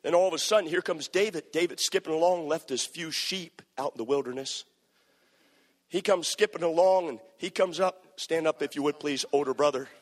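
A man preaching a sermon, animated and playful as he acts out scenes for the crowd. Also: a little high, a little fast. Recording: echoey hall.

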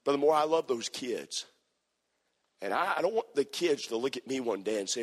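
A man preaching a sermon, telling a story with impassioned, repetitive phrasing that builds to near-shouted climaxes. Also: mid-range voice, lively intonation, moderate pace, slightly rough. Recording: long hall reverb.

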